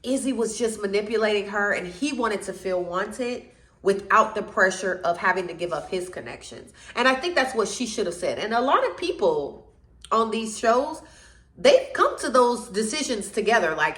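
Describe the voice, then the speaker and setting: A woman's voice: mid-range voice, moderate pace. Sassy woman recapping reality TV, roomy echo. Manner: blunt, sassy and animated, calling people out. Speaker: reality TV reviewer. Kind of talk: opinionated recap commentary.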